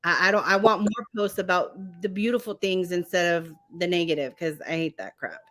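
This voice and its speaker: A woman co-hosting a podcast in casual chat, talking emphatically and getting animated when she mimics other people. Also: fairly low pitch, normal speed. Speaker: podcast co-host.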